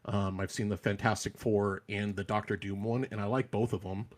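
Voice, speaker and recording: A man chatting casually on a gaming podcast, an animated storyteller who acts out other people's voices. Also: lowish voice, moderate pace. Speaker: podcast panelist.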